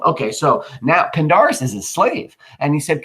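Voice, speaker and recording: A man's voice: a little high, huge pitch swings, moderate pace, hardly any pauses, sharp tone, low-quality recording. A man teaching a recorded lesson, retelling a play in casual, slangy everyday words with fillers. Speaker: English teacher.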